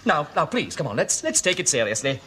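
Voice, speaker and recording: An actor playing a fussy, effusive amateur theatre director who stammers and repeats himself. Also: male voice, a little high, big pitch swings, fairly quick, pushed and bright. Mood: gushing. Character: fussy, gushing male amateur stage director. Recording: noisy old television sitcom recording.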